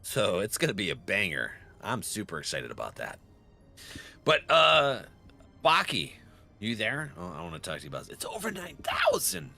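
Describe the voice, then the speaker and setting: A man's voice: lowish voice, big pitch swings, moderate pace, sharp tone, faint music behind. A young man streaming a game, chatting casually with viewers and laughing often. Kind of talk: casual live-stream chat.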